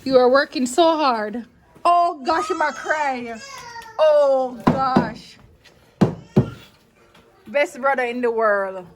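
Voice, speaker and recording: A woman with a high-pitched voice chats casually in a home vlog while a snowstorm goes on, with background noise audible. She is playful and teasing, laughing often.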